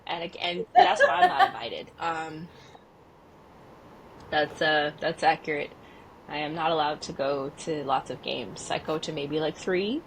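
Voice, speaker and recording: Animated woman chatting on a podcast. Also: deep voice, unhurried, gravelly, a little hiss or hum. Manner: animated, expressive storyteller who laughs often. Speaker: podcast co-host. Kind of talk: casual chat.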